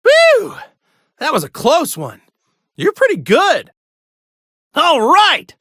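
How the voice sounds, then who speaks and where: A woman voicing a heroic young male martial-arts warrior in fighting game clips, with shouted battle cries and a cheerful, cocky manner. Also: sits high, wildly swooping pitch, slow pace, dry recording, clean studio sound, heavily acted. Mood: upbeat eager. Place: studio. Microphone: close studio mic.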